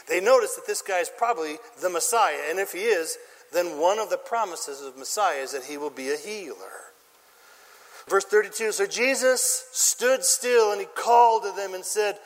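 A man's voice: high voice, big-room sound. A man preaching a sermon as pastor, emphatic and quizzing his congregation with questions. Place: church.

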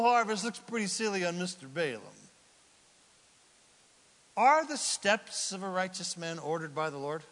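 A man preaching a sermon, animated, swinging from loud lines to whispered asides. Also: high voice, big-room sound. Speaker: pastor.

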